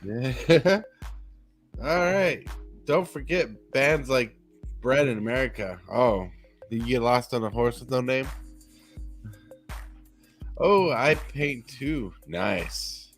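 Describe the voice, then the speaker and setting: A man's voice: mid-range voice, lively intonation, slow pace, long pauses, faint music behind. A man chatting casually on a live stream, supportive and agreeing often. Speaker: co-host. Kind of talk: casual chat.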